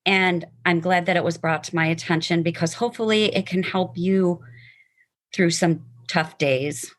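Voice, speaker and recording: A woman's voice: lowish voice, fairly even intonation, moderate pace. A woman sharing her personal testimony and reading a poem aloud, heartfelt and emotional, sometimes stumbling over words.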